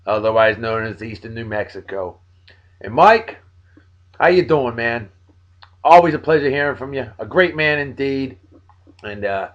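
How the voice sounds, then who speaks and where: Worn out but friendly, a man in his forties hosting a video blog runs through casual, joking shout-outs to his friends. He jumps from loud outbursts to low mumbles, and the audio is somewhat dull and lo-fi.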